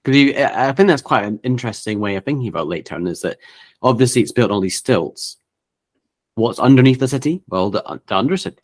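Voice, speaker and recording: A man's voice: medium pitch, expressive, fairly quick. A man co-hosting a casual tabletop gaming podcast over a call, reading out long lists with frequent fillers and restarts. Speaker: podcast co-host. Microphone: remote call.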